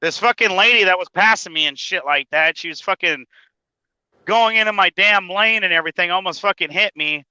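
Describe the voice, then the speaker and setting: Bright, profane man chatting from his truck. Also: high-pitched, fairly quick, smooth, no room sound, lo-fi sound. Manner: profane, laughs often, stammers when telling a story. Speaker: podcast host. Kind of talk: casual chat. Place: truck cab, driving.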